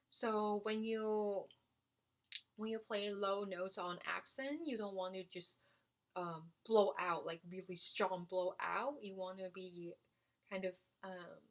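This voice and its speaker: Slow, hesitant woman flute teacher. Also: medium pitch. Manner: slow, hesitant, many fillers. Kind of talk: beginner music lesson.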